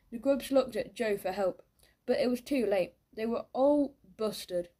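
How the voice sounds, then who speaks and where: A woman narrating a children's audiobook in a lively storytelling manner, giving each character a voice. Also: on the high side, a little slow.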